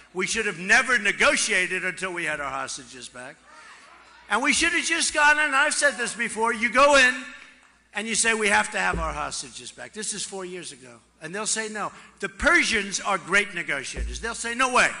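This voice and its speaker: A man's voice: sits high, pushed and bright. A man in his sixties giving a campaign rally speech, boastful and repetitive, with chatty asides to the crowd. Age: 60s. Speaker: political candidate. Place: large rally venue. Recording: long reverb of a large hall.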